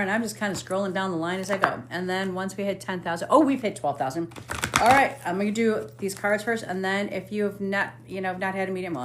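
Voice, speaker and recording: A woman hosts a live stream as a medium, pulling cards and chatting with viewers in a loose, easygoing way. She drops a casual curse here and there. Her voice sits in a middle range, with a faint hiss behind it. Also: mid-range voice. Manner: chatty, swears casually, hums while scrolling.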